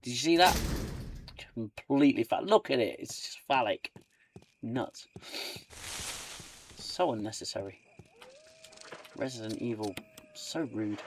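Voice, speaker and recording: Over slight background noise, a man with a mid-range, expressive voice narrates his video game play in a relaxed let's-play style. He talks a little slowly, pausing often, muttering and adding sing-song jokes.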